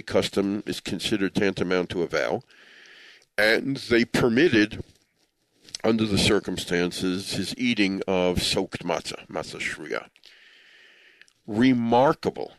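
A man's voice: lowish voice, no room sound, poor audio. A man telling a personal story in an earnest, reflective way. He chokes up easily and drops Hebrew and Yiddish religious terms into his speech. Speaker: speaker telling a story to listeners.

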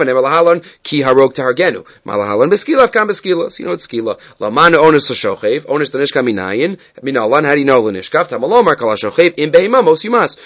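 A man's voice: fairly high pitch, a bit bright. A man giving a Talmud class, reading Hebrew and Aramaic texts aloud and explaining them in English. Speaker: Talmud teacher. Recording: dull lo-fi recording.

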